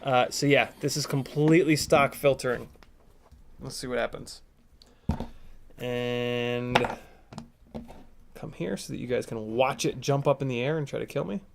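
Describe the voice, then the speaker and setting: A man's voice: mid-range voice, measured pace, creaky, long pauses, background noise. A man hosting a casual live stream from a home workspace, chatting easily, joking, and reading out viewer comments while he works. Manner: easygoing, jokey, reads out viewer comments.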